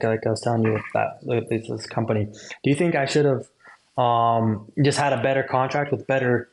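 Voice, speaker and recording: A man's voice: medium pitch, darkish tone, a little hiss or hum, low-quality recording. A man hosting a podcast, talking casually with swearing and acted-out quotes from customers. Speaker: podcast host.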